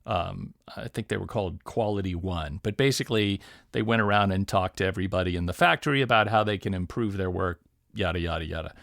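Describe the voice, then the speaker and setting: A middle-aged man, a guest audio producer, telling stories in a casual, animated interview. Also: deep voice, fast, gravelly, no echo, studio quality. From Detroit area, USA. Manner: animated storyteller, laughs easily.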